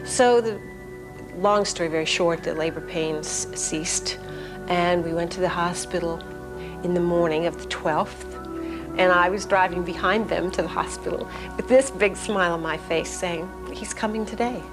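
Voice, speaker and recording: A woman's voice: lowish voice, steady tone, moderate pace, rough recording. A middle-aged woman being interviewed, telling a personal story hesitantly, with many fillers and restarts. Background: music.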